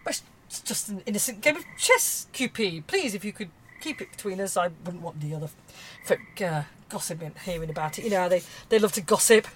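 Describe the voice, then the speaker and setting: Prim lady worried about appearances, played by a woman, hushed and hesitant, comedy sketch. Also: medium pitch, animated, brisk, a little hiss or hum, natural voice. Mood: fretful. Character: prim well-to-do woman anxious about her standing. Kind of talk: comedy podcast drama sketch.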